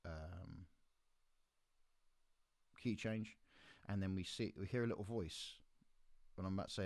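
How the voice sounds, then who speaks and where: A man with a very low voice tells a gig story in a relaxed, chatty way. He gets animated and slips into the voices of the people in it. The sound is close and dry. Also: measured pace, gravelly, pauses often, dry recording. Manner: animated teller, acts out quoted voices. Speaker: podcast host and musician. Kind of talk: casual anecdotal storytelling.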